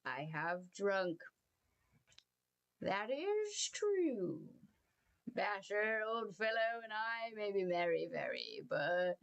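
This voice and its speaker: A woman voicing a drunken, boastful male toad in a read-aloud storybook, talking slowly and pompously. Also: big pitch swings, muffled recording, full character voice. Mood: tipsy. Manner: slow, swaying, pompous, high and wavering.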